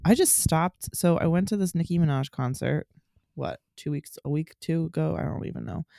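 Woman co-host, thirties, gravelly voice, dry close sound, playful and quick to laugh. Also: low voice, warm tone, no room sound. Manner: playful, laughs often, self-mocking. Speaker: podcast co-host. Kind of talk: casual chat.

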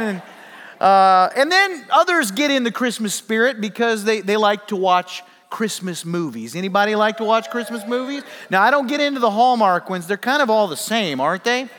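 A man's voice: sits high, fairly bright tone. A man preaching a sermon as a pastor, joking with the congregation and asking them to call out answers, heard in a church with long reverb. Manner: playful, jokey, audience call-and-response. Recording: long reverb in a large hall.

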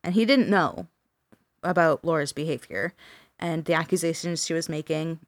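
A woman's voice: sits low, moderate pace, dry recording. A woman co-hosting a podcast, telling a paranormal story in casual chat with fillers and the odd swear word.

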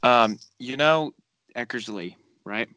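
A man's voice: takes it slowly, smooth, dry recording, highs cut off. A man co-hosting a casual baseball chat, stubborn and teasing in argument. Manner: stubborn, teasing, lively pitch. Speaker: podcast co-host.

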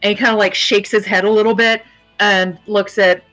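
A woman runs a tabletop game in a casual, rambling way. Her voice is bright, at a middle pitch, and soft music plays faintly behind her. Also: level tone, normal speed. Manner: casual, rambling with fillers, laughs easily. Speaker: game master.

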